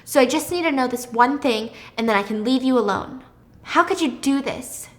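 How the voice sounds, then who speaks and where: A woman doing a young woman stalker, all pleading and breathy up high, then suddenly icy and quiet. the voice climbs well above her normal talk and gets louder, almost like she's close to tears. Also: lively intonation, moderate pace. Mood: accusing.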